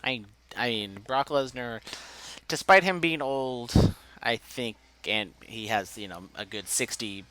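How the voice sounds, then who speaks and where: A man's voice: medium pitch, a little slow, pushed and bright. A man casually recapping a wrestling show as a podcast co-host, joking and ranting with mock outrage.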